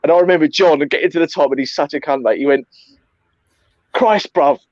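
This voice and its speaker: A man recounting an airsoft game in casual chat, animated, swearing often and calling his friend mate. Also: a little high, racing, dry recording, lo-fi sound.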